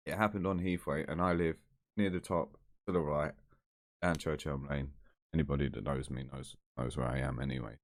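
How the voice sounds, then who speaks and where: A man's voice: rumbling low, fairly even intonation, normal speed. A man telling a story to camera in a blunt, chatty, heavily sweary way. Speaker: vlogger.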